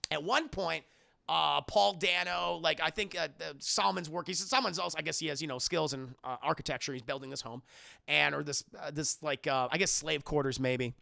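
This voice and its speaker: A man's voice: on the high side, creaky, sharp tone, no echo, studio quality. A man streaming live, casually retelling a film's plot in a rambling, profane way, talking to his chat and acting out lines. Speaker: streamer reviewing a movie.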